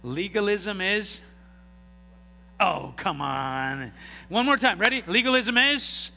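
A man preaching a sermon, calling out to the congregation for responses and swinging sharply between loud and quiet delivery. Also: sits high, expressive, slow, gravelly, big-room sound. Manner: call-and-response preaching, dramatic swings in loudness. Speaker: pastor.

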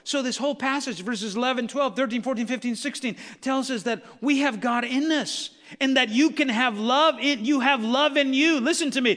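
A male pastor preaching a sermon, swinging from quiet asides to shouted emphasis, with recurring "watch this" refrains. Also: very high-pitched, moderate pace, hardly any pauses, in a large hall. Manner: frequent "watch this" and "the Bible says" refrains.

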